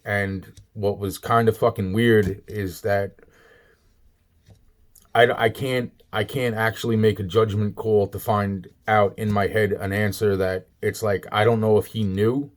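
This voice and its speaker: A man's voice: lowish voice, a little mellow. A man in a rambling, agitated, profane monologue, repeating himself. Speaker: vlogger.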